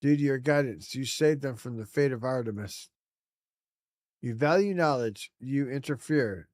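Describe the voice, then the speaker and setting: A man voicing an ancient, all-knowing cosmic entity from a video game, reading its lines slowly and solemnly. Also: mid-range voice, a little mellow, no room sound, clean studio sound, close to an everyday voice.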